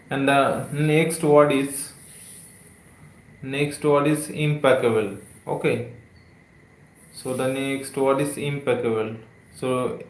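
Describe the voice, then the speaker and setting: Male English tutor, live stream, slow and repetitive, echoey room, mid pitch. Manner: slow, repeats words, many "okay" and "uh" fillers. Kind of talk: live-streamed vocabulary lesson.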